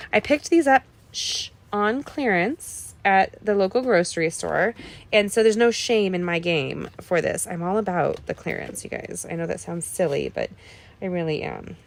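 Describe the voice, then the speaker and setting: A middle-aged woman hosting a live card-making tutorial, chatting folksily with viewers as she works. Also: medium pitch. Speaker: card-making livestream host. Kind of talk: casual crafting tutorial.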